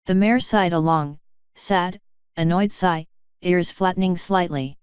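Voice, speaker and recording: A woman reads a fan fiction story in a steady, even narration. Her voice is very smooth and a little low, recorded dry and close. The sound is dull and lo-fi. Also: a little slow, no room sound. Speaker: fanfiction reader.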